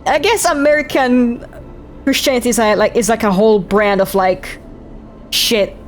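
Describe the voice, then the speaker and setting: A woman's voice: fairly high pitch, moderate pace, soft background music. A woman streamer who chats casually, swears freely and reads game text aloud. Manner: swears freely, rambling and incredulous.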